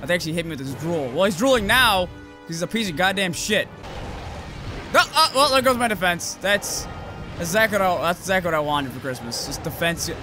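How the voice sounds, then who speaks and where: Foul-mouthed man yelling at a game. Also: a little high, expressive, brisk. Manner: profane, yells insults at the monster. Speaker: let's play host. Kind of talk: casual gameplay commentary. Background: game music.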